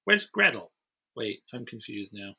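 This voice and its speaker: Bright-voiced man recapping a movie. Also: fairly low pitch, sing-song, a little slow, creaky, slightly rough. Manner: rambling recaps, acts out scenes. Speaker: podcast host. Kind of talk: casual movie review chat.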